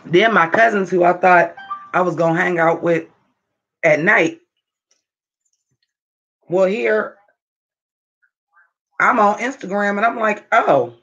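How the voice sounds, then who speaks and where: A man with a high voice chats and rants on a livestream, animated and full of profanity as he talks straight to his viewers. The audio is dull and lo-fi. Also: slow pace, pauses often. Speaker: livestream vlogger. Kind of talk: casual livestream chat.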